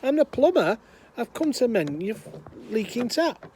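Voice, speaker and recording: Bloke putting on a fed-up plumber shouting at a door, loud and high. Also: male voice, sing-song, a little slow, a little hiss or hum, full character voice. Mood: insistent. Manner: increasingly fed-up, insistent. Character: exasperated working-class male plumber.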